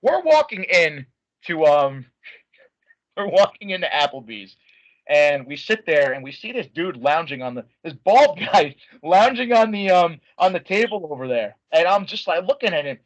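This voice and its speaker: Excitable young man telling a story. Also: fairly high pitch, normal speed, no room sound. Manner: many filler likes and restarts. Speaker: interview guest. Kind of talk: casual storytelling. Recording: dull lo-fi dry sound.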